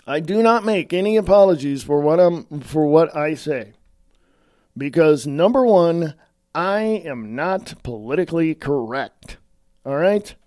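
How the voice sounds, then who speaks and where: A middle-aged man from California speaks bluntly and with strong opinions, talking straight to his viewers. His voice sits slightly high and sounds mellow and relaxed. The recording is dry and close. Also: unhurried, no room sound. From California, USA. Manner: blunt, opinionated, addresses listeners as folks. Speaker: online commentator. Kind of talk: casual political rant to camera.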